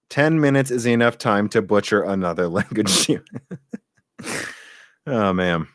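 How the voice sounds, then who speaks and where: A man's voice: lowish voice, a little slow, pauses often, no echo. A young man hosting a casual live stream about tech hardware, talking in a rambling, chatty way and laughing easily. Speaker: tech podcast host.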